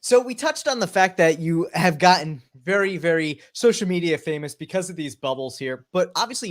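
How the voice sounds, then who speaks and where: A man hosting a podcast, asking upbeat, encouraging questions in casual interview chat. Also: on the high side. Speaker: podcast host.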